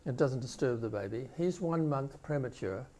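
An older male professor giving a conference keynote, explaining video clips with pauses and restarts. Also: mid-range voice, expressive, a little mellow. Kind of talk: conference lecture.

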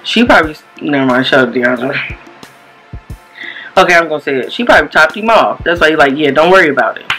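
Lively, bright-voiced woman reacting loudly. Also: sits low, a little fast, long pauses, soft background music, rough recording. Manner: loud, animated, laughing, profane asides. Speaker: reaction video host. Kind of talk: casual reaction commentary.

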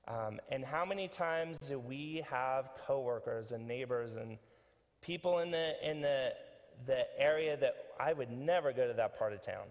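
A pastor giving a conversational, animated sermon with many fillers and restarts. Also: male voice, mid-range voice, measured pace, long reverb tail. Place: church sanctuary.

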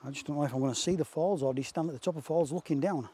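A man's voice: a little high, rapid-fire, mellow. Male outdoor vlogger, out of breath, chatty and self-deprecating, clip-on mic, faint wind noise. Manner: chatty, self-mocking, swears casually. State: out of breath from hiking. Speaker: landscape photographer vlogger. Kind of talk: casual outdoor vlog. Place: outdoors on a windy hill. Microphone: wireless clip-on mic.

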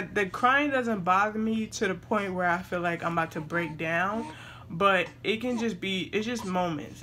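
Speaking to viewers from home, a young woman breaks off her casual vlog chat to address her baby. Her mid-range voice sounds pushed and bright, and there's a little hiss or hum in the recording.

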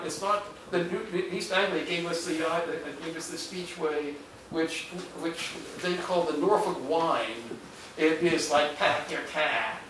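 An older man, a historian, lectures to a room of listeners, stopping and restarting his sentences with many fillers. His voice sits slightly high for a man. He is picked up from far off in an echoey hall, with clear background hiss. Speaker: historian giving a public talk. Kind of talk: public lecture with audience questions. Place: hall with an audience. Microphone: far room microphone. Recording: echoey hall, distant mic, noisy.

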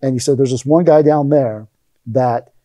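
A man's voice: medium pitch, normal speed, warm tone, no room sound. A middle-aged man telling stories in a casual interview, acting out the lines he quotes. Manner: rambling anecdotes, acts out quoted lines. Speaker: interview guest, aikido teacher.

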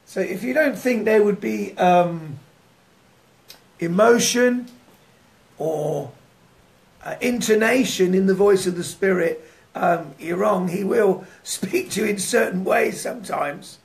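A man preaching a devotional sermon in a lively way, often laughing and putting rhetorical questions to his listeners. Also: high voice, slow pace, creaky.

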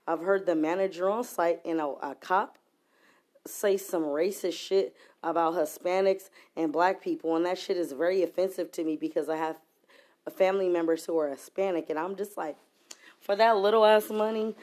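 A woman's voice: fairly low pitch, mellow. A woman venting in an angry, profanity-laced rant to camera, heated and emphatic. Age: adult. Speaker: vlogger.

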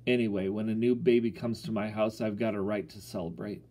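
A man's voice: fairly low pitch, fairly even intonation, fairly quick, dark tone, lightly acted. A man voicing a sullen, drunken father who grumbles back in a storybook reading. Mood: grumbling. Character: surly drunken slouching father, bitter.

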